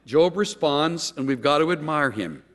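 Middle-aged male pastor, animated storyteller, wide-ranging voice, church sermon. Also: normal speed. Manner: animated storyteller, voices quotes with big pitch jumps. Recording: long hall reverb.

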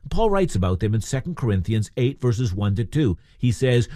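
A man's voice: lowish voice, big pitch swings, a little fast, hardly any pauses, dark tone, dry recording, studio quality. A man preaching a sermon in a conversational way, asking his listeners questions.

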